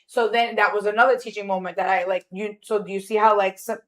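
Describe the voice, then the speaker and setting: Woman, forties, podcast guest; casual storyteller, mid pitch, lots of fillers. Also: fairly even intonation, fast. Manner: storytelling, many fillers and restarts.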